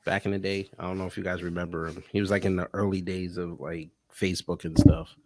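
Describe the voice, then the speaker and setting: Male guest, fairly low voice, laid-back, trailing delivery. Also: level tone, fast, a little mellow. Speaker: guest panelist. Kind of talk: casual chat.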